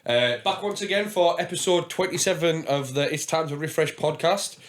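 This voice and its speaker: A man's voice: on the high side, normal speed. Young english guy hosting his podcast, rambly, lots of ums, swears a lot. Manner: chatty, rambling storyteller with frequent fillers and swearing. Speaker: podcast host. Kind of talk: casual podcast chat.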